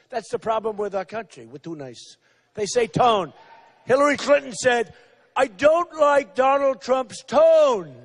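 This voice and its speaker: Older guy at a campaign rally, really high voice, rambling and repeating himself, mocks people. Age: 60s. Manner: repetitive, rambling, mocking; acts out quotes of others. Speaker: political candidate.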